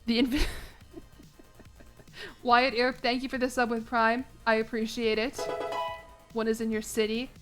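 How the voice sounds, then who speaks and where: A woman's voice: on the high side, little pitch movement, unhurried, long pauses, music in the background. Chatty sarcastic young woman streamer. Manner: chatty, sarcastic, swears casually. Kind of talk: casual gameplay livestream chat.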